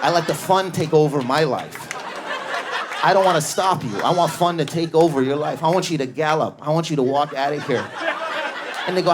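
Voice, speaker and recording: On a club stage, a man performs stand-up with frantic, raging energy, his stories lurching through sudden tonal shifts. His voice is fairly high and fairly quick, and the live recording carries background noise and crowd laughter.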